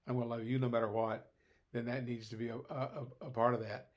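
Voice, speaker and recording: An older man who used to teach appears as a guest on a podcast, talking thoughtfully and rambling with plenty of hesitations. His voice is medium-pitched with little pitch movement, and he speaks fast.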